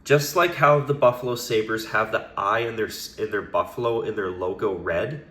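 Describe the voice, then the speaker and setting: A man with a hoarse, raspy voice from a cold, giving rambling solo commentary on a sports topic with frequent restarts. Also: lowish voice, moderate pace, a bit bright, reverberant. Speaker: hockey commentator.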